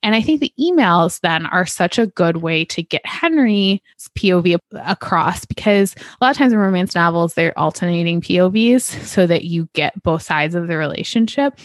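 A woman in her thirties chats casually and enthusiastically as a book podcast co-host. Her voice sits a little low, recorded dry and close with no room sound. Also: animated, normal speed, dry recording. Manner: enthusiastic, gushing, many fillers.

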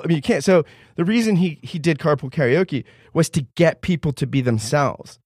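Man, podcast guest, casual chat, animated, restarts often, dry close mic. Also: a little high, moderate pace, few pauses, slightly rough, no echo. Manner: animated, restless with many restarts.

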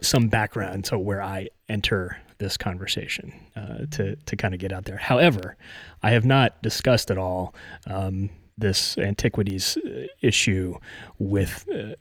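A man speaking as a podcast guest, halting and careful, with frequent pauses. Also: low voice, no room sound. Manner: halting, with many uh fillers. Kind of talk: casual podcast conversation.

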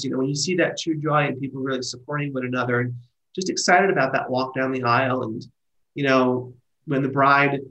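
A middle-aged man, a wedding planner and guest, telling stories in casual conversation with lively restarts and trailing phrases. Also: mid-range voice, vocal fry, poor audio. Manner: animated storyteller, trailing restarts.

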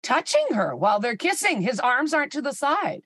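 A woman co-hosting a comedy podcast over a call, playful with quick jokey interjections. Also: high-pitched, big pitch swings, fairly bright tone, dry recording, clean studio sound. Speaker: podcast co-host. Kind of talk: casual comedic chat. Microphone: remote call.

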